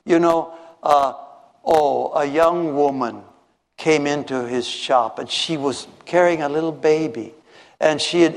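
Animated preacher man in an echoey hall. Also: on the high side, gravelly. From Minnesota. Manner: animated, acts out voices in his stories, many restarts. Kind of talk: storytelling sermon.

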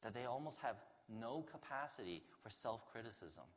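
A man's voice: mid-range voice, animated, moderate pace, in a large hall. A man preaching a sermon to his congregation in an earnest, conversational way. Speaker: pastor.

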